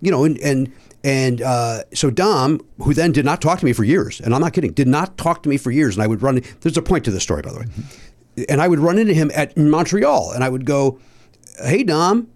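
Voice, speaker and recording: Animated profane male storyteller. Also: medium pitch, fairly quick. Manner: animated, profane, acts out other people's lines. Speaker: podcast guest, comedian. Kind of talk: casual storytelling.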